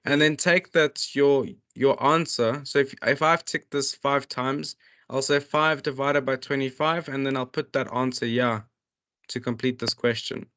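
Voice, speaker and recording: A man's voice: mid-range voice, steady tone, fairly bright tone. Guy going through a workbook for a class, stops and restarts a lot, reads questions out then explains. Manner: halting, with many restarts and fillers. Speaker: tutor. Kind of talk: walking students through a workbook.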